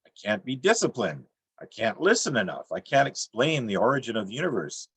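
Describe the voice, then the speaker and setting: A middle-aged man reading his own poems on a video call, with a dry, deadpan delivery and self-mocking jokes. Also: medium pitch, brisk, slightly rough, no echo. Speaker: featured poet. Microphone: computer mic on a video call.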